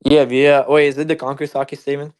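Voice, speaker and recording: A man's voice: medium pitch, little pitch movement, fast, a little mellow. A young man in a heated casual online debate, rambling with lots of fillers and swearing.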